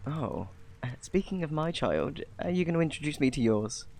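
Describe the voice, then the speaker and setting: A man's voice: a little high, very animated, moderate pace, gravelly, a little mellow. A man with a British accent voicing an eager, chatty male friend and fellow dad in a whispered role-play. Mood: coaxing.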